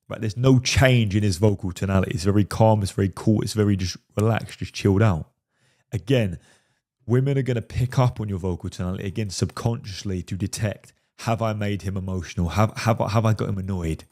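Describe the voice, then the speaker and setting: A man's voice: lowish voice, darkish tone. A man commenting on a film clip as a dating coach, emphatic and repeatedly checking in with "right?". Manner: emphatic, keeps asking "right?".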